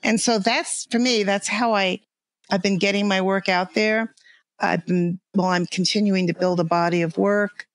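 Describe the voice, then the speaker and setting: A woman's voice: medium pitch, fairly even intonation, no room sound. Older woman with a New York accent. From New York area. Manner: halting, many restarts and fillers, laughs easily. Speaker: guest artist and illustrator. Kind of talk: casual interview chat.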